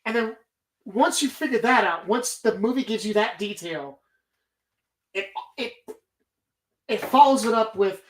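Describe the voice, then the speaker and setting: A woman's voice: a little high, expressive, measured pace, long pauses, low-quality recording. A woman hosting a casual movie bracket show, talking animatedly and rambling, swearing freely as she argues her picks. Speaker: podcast host.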